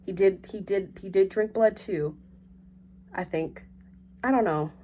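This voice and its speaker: A young woman hosting a vlog in casual chat, animated and joking, with frequent swearing. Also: medium pitch, a little slow, slight background noise. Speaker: host.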